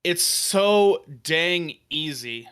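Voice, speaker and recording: A man casually walking through a software demo on a live stream, enthusiastic and rambling, with fillers and restarts. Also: on the high side, lively intonation, extremely slow, smooth. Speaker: developer demoing a virtual tabletop.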